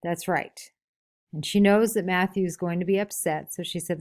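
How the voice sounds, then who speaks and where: A woman teacher reading passages from a novel and asking her class questions about them. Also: fairly low pitch. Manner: asks many questions, pausing for answers; reads book passages aloud, then explains. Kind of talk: classroom read-aloud with discussion questions.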